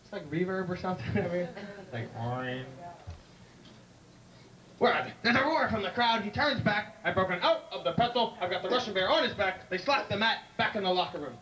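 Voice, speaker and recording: A man telling rambling stand-up stories on a club stage, his voice a little higher than most men's. He sits away from the microphone, so he sounds distant, with a clear hiss of noise under him. It is an amateur club recording. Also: expressive, fast, sharp tone. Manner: rambling joke-telling with high-pitched impressions. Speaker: stand-up comedian. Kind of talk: stand-up comedy set. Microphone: handheld stage mic, drifting off it.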